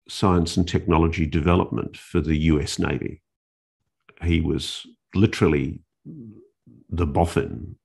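A male journalist telling a story in an interview, animated, with restarts and dramatic pauses. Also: sits low. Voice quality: gravelly, husky.

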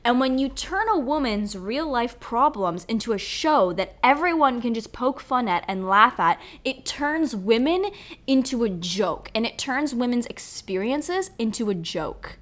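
A young woman hosting a solo podcast, ranting in a profane, animated, rambling way. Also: fairly high pitch, unhurried. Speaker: podcast host.

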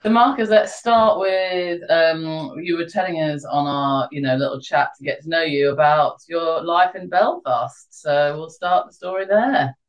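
A podcast host interviewing a guest in a friendly, casual way, pausing with ums. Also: mid-range voice, lo-fi sound.

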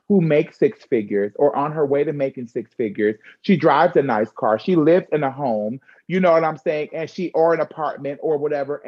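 A woman talking candidly in a conversational chat, frank and expressive with slangy asides. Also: sits low, muffled recording.

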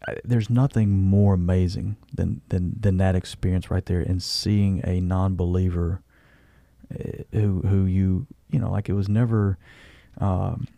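A man who is a guest on a podcast, talking in a halting, heartfelt way and often repeating words. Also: deep voice, steady tone, vocal fry, dark tone, dry recording. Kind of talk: casual conversation.

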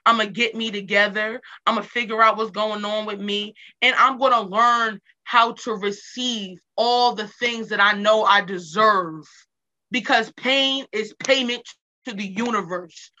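Bright emphatic woman, repeating for stress. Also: mid-range voice, fairly even intonation, unhurried, highs cut off. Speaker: interview guest. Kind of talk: casual motivational talk.

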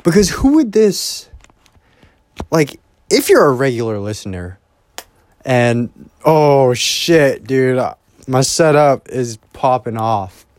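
Very animated yet unhurried, this medium-pitched, darkish-toned young man pauses often while hosting a podcast by himself. He records at home with headphones, rambling casually with plenty of swearing, self-deprecation and trailing off.

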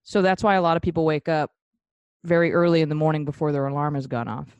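Low-voiced woman joking as the skeptic. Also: steady tone, fast talker, a little mellow, smooth, dry recording, dull audio. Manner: joking, interrupting skeptic who swears freely. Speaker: podcast co-host and skeptic. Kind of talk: casual banter.

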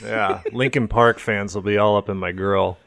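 A man's voice: on the low side, fairly even intonation, normal speed, creaky, noisy background. Wisecracking man podcast co-host. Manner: wisecracking, riffs on jokes. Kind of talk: casual comedy chat.

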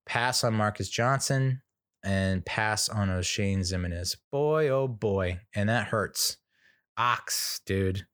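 A man with a fairly low voice talks through his team's roster in a loose, rambling monologue. He restarts sentences and says what he thinks without much polish. The sound is dry and close. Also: no room sound. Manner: rambling, opinionated, many fillers and restarts. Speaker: sports fan commentator. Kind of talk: casual commentary monologue.

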